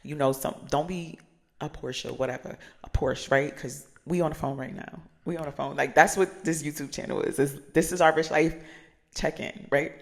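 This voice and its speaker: A woman's voice: sits low, fairly even intonation, normal speed, gravelly. Chatty, slangy woman coach from New Jersey. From New Jersey, USA. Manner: chatty storytelling, repeats phrases, slangy, swears casually. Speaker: life coach. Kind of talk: casual motivational daily vlog.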